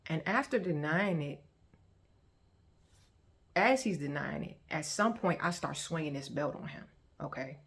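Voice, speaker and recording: A woman telling her personal faith testimony in a colloquial, animated way, acting out the scenes as she goes. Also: measured pace, pauses often. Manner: animated, colloquial, acts out scenes with sharp pitch jumps. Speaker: vlogger sharing a faith testimony. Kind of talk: emotional personal testimony storytelling.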